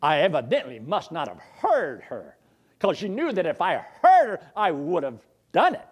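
Animated high-voiced male preacher. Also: moderate pace, breathy edge. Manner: rises and drops sharply for emphasis, reads scripture aloud, asks the listeners questions. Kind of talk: sermon.

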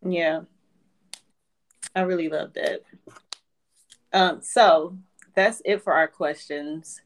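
Slow, low-voiced woman co-host. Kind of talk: casual podcast chat.

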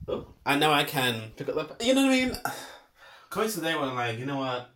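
A young man talking through an unscripted voice note monologue, sighing and laughing, with sudden loud outbursts between muttered asides. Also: fairly high pitch, sing-song, brisk. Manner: emotional, swinging from muttered sighs to loud outbursts; sighs and laughs often, says "girl" a lot. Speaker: podcast host.

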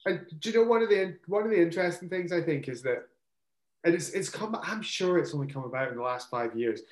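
A man's voice: on the high side, animated, fast talker, reverberant. A British man co-hosting a casual political chat, chatty and self-mocking. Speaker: podcast co-host.

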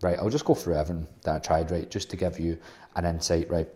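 Low flat-voiced young man. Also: fast. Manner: blunt, sweary and rambling. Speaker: host. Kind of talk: casual storytelling monologue.

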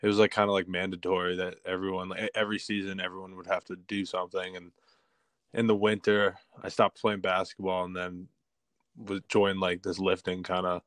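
A man's voice: sits low, level tone, fairly quick, a bit bright, no echo. A young man co-hosting a podcast in casual chat, telling stories in a laid-back way full of fillers. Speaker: podcast co-host.

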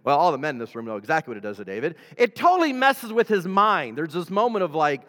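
A man preaches in a loose, conversational way, chuckling and addressing his listeners directly. His fairly high voice swings widely in pitch. Long reverb from a big church hall hangs behind each phrase. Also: fast. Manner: animated, chuckles often, talks directly to the congregation. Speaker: pastor. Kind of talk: conversational sermon.

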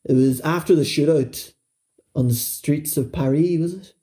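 A man's voice: fairly high pitch, normal speed, warm tone. A man in a casual film discussion, talking candidly and swearing freely.

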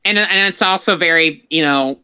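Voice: medium pitch, normal speed, pushed and bright, clear, resonant tone. A podcast co-host in casual pop-culture chat, rambling and opinionated, full of fillers.

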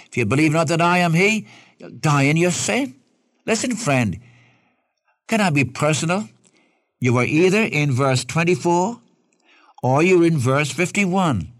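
A man's voice: fairly high pitch, dry recording, clean studio sound. A man preaching a radio Bible study sermon, emphatic and pleading as he quotes scripture.

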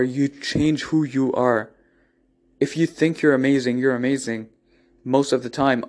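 A man's voice: mid-range voice, a little mellow. A man giving an unscripted motivational monologue, earnest and blunt, often restarting and repeating phrases, with casual swearing. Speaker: motivational speaker.

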